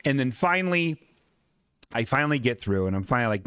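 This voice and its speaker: A man's voice: mid-range voice, brisk, a bit bright, clear, resonant tone, dry recording, clean studio sound. A man hosting a comedy podcast, telling a rambling, profane, self-mocking story in a casual way. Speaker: podcast host.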